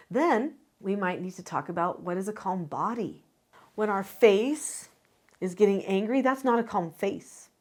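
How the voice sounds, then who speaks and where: A woman's voice: mid-range voice, darkish tone. An older woman who teaches parenting, speaking straight to viewers in an earnest, demonstrative way. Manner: earnest, demonstrative, acts out voices as examples. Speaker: parenting educator. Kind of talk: direct-to-camera teaching.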